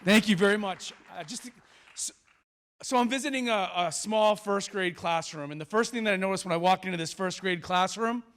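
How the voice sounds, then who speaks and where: A man giving an animated motivational talk on a school auditorium stage, telling stories dramatically and acting out the characters. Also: high-pitched. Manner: dramatic, acts out characters, big pauses. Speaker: motivational speaker.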